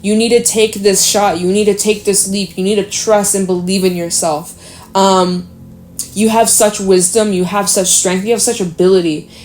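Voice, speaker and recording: A woman's voice: medium pitch, fairly even intonation, normal speed, darkish tone, a little hiss or hum. A woman giving an encouraging, emphatic tarot reading in a casual way, swearing now and then. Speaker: tarot reader. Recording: echoey room.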